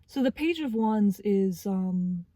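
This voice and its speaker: Woman in her twenties, spiritual reader; warm low-key tone, pauses to find words, heartfelt. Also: expressive, no echo. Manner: halting, searching for words. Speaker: tarot reader. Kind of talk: spiritual tarot reading.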